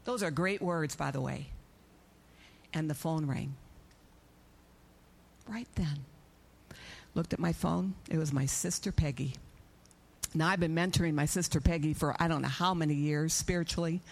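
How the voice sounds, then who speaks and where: Lower-voiced woman telling an animated testimony. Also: normal speed, creaky, pauses often. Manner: animated storyteller, acting out her own prayers and dialogue. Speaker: church speaker giving a testimony. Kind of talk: testimony in a church service.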